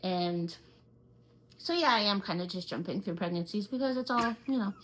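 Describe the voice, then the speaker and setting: A woman's voice: medium pitch, normal speed, slight background noise, low-quality recording. A young woman co-hosting a podcast, telling a personal story casually and animatedly, with many filler words. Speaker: podcast co-host.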